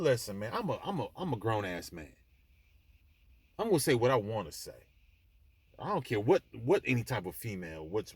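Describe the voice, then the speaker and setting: A man's voice: medium pitch, breathy edge, no room sound. A man hosting his own vlog, delivering a blunt, emphatic, preachy monologue with frequent restarts, speaking from an airport. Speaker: vlog host. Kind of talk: impassioned monologue to the camera.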